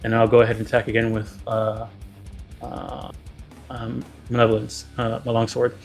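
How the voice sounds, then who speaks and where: A man at an everyday mid pitch plays a tabletop game. He thinks aloud in a hesitant way, filling pauses as he decides. Faint guitar music runs underneath. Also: completely flat delivery, gravelly. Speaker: player. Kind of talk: casual tabletop game play.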